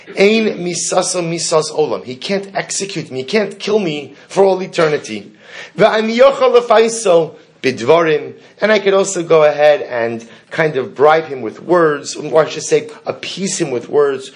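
A man leading a Talmud lesson. He chants the Hebrew text aloud, then explains it line by line in English. Now and then he stops to ask his students a question. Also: a little high. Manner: asks the class questions. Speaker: Torah teacher. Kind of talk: Talmud class lecture.

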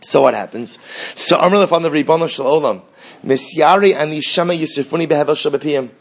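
A man teaching a Talmud class, telling the story with animated dialogue and rhetorical questions. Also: on the high side, fast talker. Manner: animated storytelling, acting out dialogue between characters; frequent restarts and rhetorical questions. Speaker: Torah teacher.

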